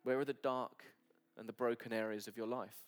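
A man preaching a sermon at a church service, earnest and sometimes dropping to soft near-whispers. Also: medium pitch, fairly even intonation, brisk, faint music behind. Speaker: pastor.

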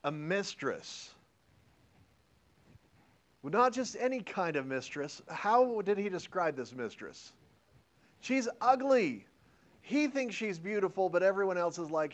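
Guy teaching history to a class, kinda high voice, super lively, keeps cracking jokes and asking questions. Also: unhurried. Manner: animated, joking, and asks the class questions. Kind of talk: classroom lecture with questions to students.

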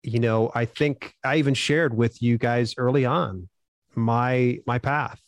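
Man, mid-pitched voice, upbeat, animated storytelling, dry close sound. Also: a little slow, dry recording. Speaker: self-publishing expert guest. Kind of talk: casual interview answers.

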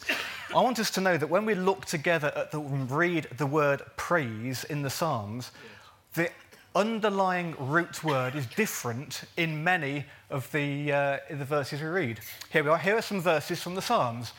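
Bright-voiced preacher. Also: male voice, fairly high pitch, expressive, unhurried. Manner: earnest, jokey asides, stretches words for emphasis. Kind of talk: sermon.

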